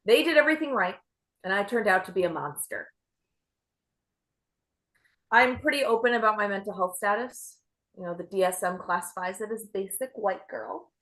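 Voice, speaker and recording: Bright-voiced young woman comic, self-deprecating. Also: medium pitch, moderate pace, long pauses. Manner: self-deprecating, deadpan delivery. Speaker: stand-up comedian. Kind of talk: stand-up set.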